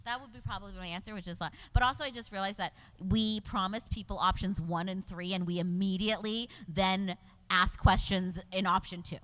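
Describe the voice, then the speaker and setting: A woman's voice: mid-range voice, fairly even intonation, a little fast, a bit bright. A middle-aged woman, a voice actor and casting director, chatting casually on a convention panel with frequent laughs.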